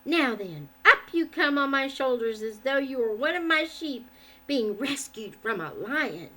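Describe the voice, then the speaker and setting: A woman voicing a kind, cheerful male shepherd who speaks gently. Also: high-pitched, animated, a little slow, exaggerated voice, poor audio. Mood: kindly.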